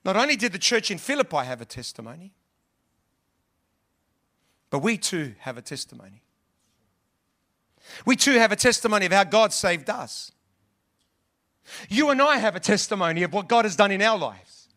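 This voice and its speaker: A male pastor delivers a sermon to his congregation. His voice sits high and bright, and he speaks earnestly and conversationally, often stumbling and restarting his sentences as he goes. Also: sing-song, normal speed, pauses often. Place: church.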